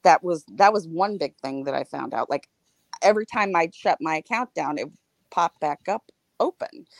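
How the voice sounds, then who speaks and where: A woman's voice: low voice, moderate pace, vocal fry, no room sound. Frank woman telling her own story. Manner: frank, animated, laughs between grim details. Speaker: podcast co-host. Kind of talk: candid personal storytelling.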